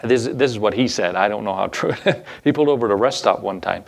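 A man's voice: lowish voice, fast, creaky. A male pastor preaching a sermon in a casual, folksy way, with asides and chuckles.

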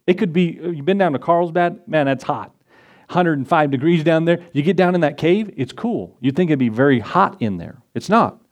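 A male pastor preaching a conversational sermon to his congregation, acting out prayers and quotes along the way. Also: on the high side. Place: church in front of a congregation.

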